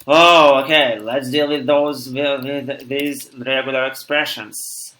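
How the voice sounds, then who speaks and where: Tired Russian-accented programmer, bright voice. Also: male voice, medium pitch, fairly even intonation. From Siberia, Russia. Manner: halting, restarts words, reads code aloud. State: tired after long streaming. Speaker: programmer streaming live. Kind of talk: live coding stream, thinking aloud.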